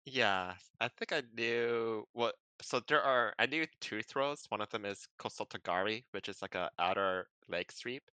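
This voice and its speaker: On a podcast, a man chats casually and explains things in a relaxed way, full of ums and likes. His bright, crisp voice is a touch low, at a moderate pace with hardly any pauses. The recording is dry and close, with no room sound.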